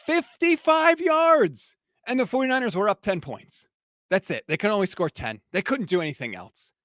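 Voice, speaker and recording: A man's voice: sits high, big pitch swings, fairly quick, a bit bright, no room sound, clean studio sound. A man hosting a sports podcast, delivering a heated, fired-up post-game reaction rant.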